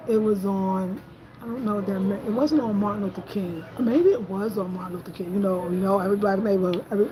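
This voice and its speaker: A woman, telling stories in a casual, animated, slangy way and acting out quotes in a higher voice. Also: poor audio. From Brooklyn, New York. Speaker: host. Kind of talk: casual storytelling chat.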